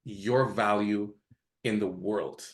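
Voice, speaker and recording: A man's voice: on the low side, fairly even intonation, slow pace. A man guest on a podcast, telling candid personal stories in a casual way and acting out the quotes. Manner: candid, laughs at own stories, acts out quotes. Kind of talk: casual storytelling interview.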